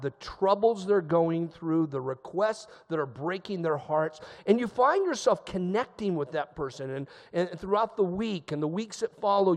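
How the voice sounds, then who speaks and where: High-voiced male pastor in a reverberant hall. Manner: conversational storytelling, emphatic repetition. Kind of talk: sermon.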